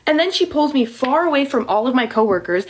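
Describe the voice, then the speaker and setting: A woman's voice: sits high, lively intonation, fast talker, echoey room, a little hiss or hum, rough recording. A young woman in a get ready with me vlog, chatty and self-deprecating about work. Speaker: vlogger.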